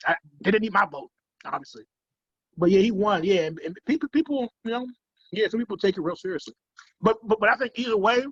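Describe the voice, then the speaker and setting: A man's voice: sits high, slightly rough, no echo. A man co-hosting a podcast in casual, profane, joking chat, laid-back and teasing, on muffled remote call audio. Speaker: podcast co-host.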